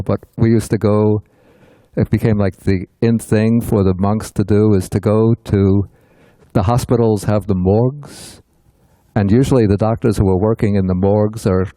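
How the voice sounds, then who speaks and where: An older man teaching a Buddhist text in a relaxed, storytelling way, often laughing as he talks. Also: lowish voice, no room sound, rough recording. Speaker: teacher leading a sutta study class. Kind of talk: casual teaching talk.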